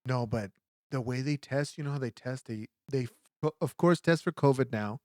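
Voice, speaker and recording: A young man talking casually into a podcast mic, in a voice pitched at an everyday middle. He rambles through his story with restarts, little asides and "like"s. The sound is dry and close. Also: normal speed, no room sound. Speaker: podcast co-host. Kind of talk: casual chat.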